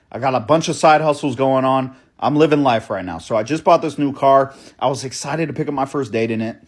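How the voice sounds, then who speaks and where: A young man telling a story in a casual, profane way, often asking "right?" and calling the listener "bro". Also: mid-range voice. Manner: fast, breathless storytelling with many restarts. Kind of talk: storytime monologue.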